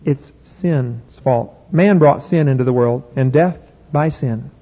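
Man, middle-aged preacher, folksy and emphatic, husky voice, phone-like sound, long hall reverb. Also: medium pitch, a little slow. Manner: folksy, emphatic, rhetorical questions. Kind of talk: sermon.

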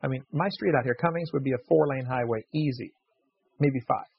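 A man's voice: medium pitch, fast, vocal fry, slightly rough, no echo. A man hosting a radio show, reading listener letters aloud and telling jokey stories with frequent laughs. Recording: dull lo-fi radio recording.

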